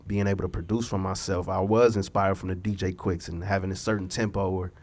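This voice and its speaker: A man's voice: low-pitched, steady tone, fairly quick, a little mellow, slight background noise. A young man from Los Angeles, a singer and songwriter, chatting as a guest in a laid-back, reflective way with loose slang. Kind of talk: casual podcast conversation.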